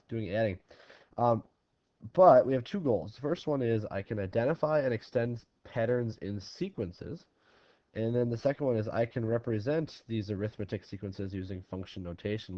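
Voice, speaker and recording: A man's voice: fairly low pitch, no echo. A man teaching a recorded math lesson in a casual way, talking through problems step by step. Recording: dry, slightly dull lo-fi recording.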